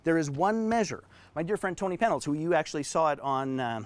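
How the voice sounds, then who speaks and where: Briskly and expressively, a man with a fairly high pitch coaches business owners over a live stream. As a business coach, he explains a whiteboard drawing with an emphatic, story-driven style.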